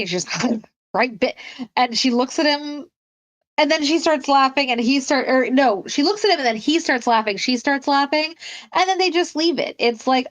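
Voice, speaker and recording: A woman co-hosting a casual film discussion, animated and acting out the characters' lines as she retells scenes. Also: moderate pace. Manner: animated, acts out quotes in a higher voice. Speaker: podcast co-host.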